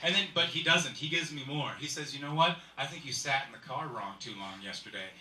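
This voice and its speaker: A man's voice: mid-range voice, brisk, bright, forceful tone, a little hiss or hum. Rambling man in his thirties doing stand-up. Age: 30s. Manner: rambling, observational, full of "like". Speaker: stand-up comedian. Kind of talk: stand-up comedy set. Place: live comedy venue, indoors. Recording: echoey room, mic from far off.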